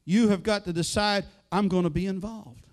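A man's voice: high voice, fairly even intonation, moderate pace. A middle-aged male pastor preaching a sermon in a conversational way, full of rhetorical questions and quoted asides.

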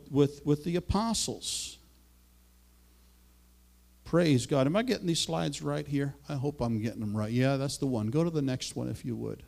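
Man, preacher, fairly high voice, fervent sermon delivery, swells and drops. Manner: fervent, rising and falling emphasis, asks for slides.

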